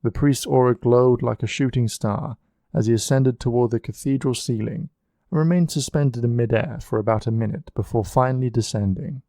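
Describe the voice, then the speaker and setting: Mellow-voiced male storybook narrator. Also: medium pitch, normal speed, dry recording, clean studio sound. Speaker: audiobook narrator.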